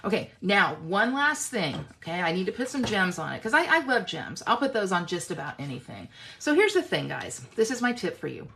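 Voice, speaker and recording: A woman's voice: mid-range voice, sing-song, brisk, vocal fry, few pauses, bright, forceful tone, slight background noise. A woman hosting a casual craft tutorial, chatty and self-teasing, often checking in with "okay?" as she works.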